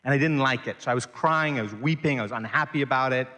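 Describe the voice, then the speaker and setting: Middle-aged male podcast guest from Sri Lanka, animated storyteller, voice carries a long reverb tail. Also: medium pitch, fast.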